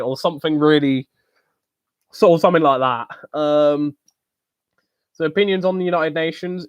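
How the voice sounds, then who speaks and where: A man's voice: on the high side, dry recording, clean studio sound. A young man from the UK hosting a casual live-stream Q&A, rambling with lots of ums and joking bluntly. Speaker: channel host answering viewer questions.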